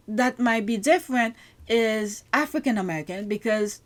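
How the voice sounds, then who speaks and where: A woman's voice: a little high, moderate pace. A woman hosting a commentary show, talking outspokenly and exclaiming in disbelief at clips. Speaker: show host.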